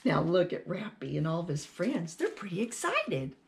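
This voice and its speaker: A woman hosting a children's storytime, reading a rhyming picture book aloud in an animated way and asking the kids questions. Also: lowish voice, normal speed, creaky, slight background noise.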